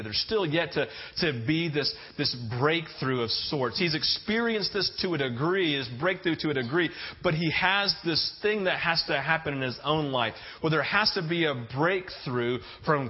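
Higher-voiced man preaching, dull lo-fi. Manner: conversational storytelling, often asking "right?". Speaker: pastor. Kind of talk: sermon. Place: church sanctuary with congregation. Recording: dull lo-fi sound.

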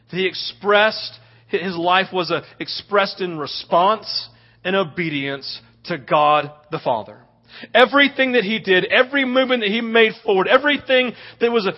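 A man preaching a sermon as a pastor, animated and acting out little scenes in quoted voices. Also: sits high. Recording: dull lo-fi audio.

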